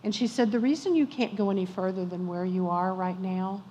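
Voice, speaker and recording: An older woman, a guest speaker at a church luncheon, shares a personal faith story, acting out the dialogue and adding asides to the audience. Her mid-range voice is mellow and steady and moves a little fast. The recording is muffled, with slight background noise, in a reverberant church hall.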